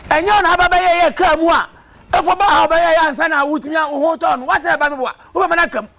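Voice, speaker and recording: A high, gravelly, lecturing talker. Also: male voice, fairly even intonation, fast talker, pushed and bright, exaggerated voice. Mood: insistent. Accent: Ghanaian. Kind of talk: film drama dialogue.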